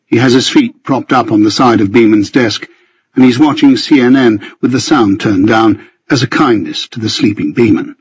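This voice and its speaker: Husky man reading a novel aloud. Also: mid-range voice, no echo, dull audio. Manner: measured storytelling, voices characters in dialogue. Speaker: audiobook narrator. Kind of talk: first-person novel narration.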